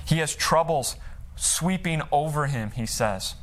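A man preaching a sermon in an earnest, conversational way, with pauses and restarts. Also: on the high side, lively intonation, fairly bright tone. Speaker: pastor.

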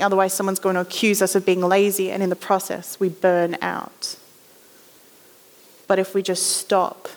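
A woman giving a conversational sermon, acting out little voices as she tells stories. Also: medium pitch. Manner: conversational storytelling, acts out voices. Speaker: guest preacher. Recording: reverberant hall.

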